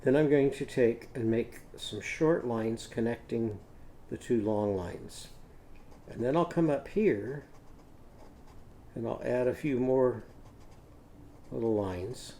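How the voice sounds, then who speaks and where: A man teaching a children's literacy lesson, patiently sounding out words slowly while he draws. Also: mid-range voice, dark tone, a little hiss or hum.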